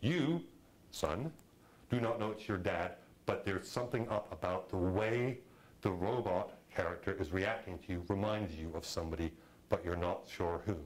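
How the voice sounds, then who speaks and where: A middle-aged man teaching a film directing class, talking in a lively, conversational way and acting out quotes. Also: sits low, moderate pace, low-quality recording. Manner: animated, conversational, acts out quotes. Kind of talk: lecture to a class.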